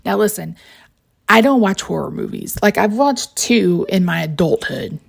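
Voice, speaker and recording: A woman's voice: medium pitch, expressive, moderate pace, gravelly. A woman, narrating a crafting tutorial in a rambling, chatty way full of side stories. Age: 40s. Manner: rambling, storytelling asides, frequent laughs.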